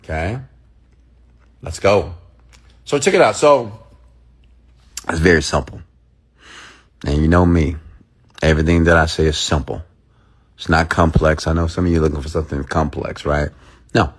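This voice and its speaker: A man's voice: a bass voice, slightly rough. A man giving a casual motivational talk to viewers, emphatic and repetitive, often checking in with his audience and acting out the thoughts in their heads. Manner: acts out inner thoughts in quoted asides. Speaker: motivational speaker hosting a livestream.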